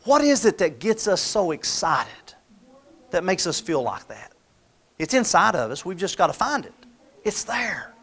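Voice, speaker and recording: This middle-aged motivational speaker has a high, sing-song, slightly bright voice and a measured pace. During his live talk he spins folksy stories, acting out the voices of the people he quotes.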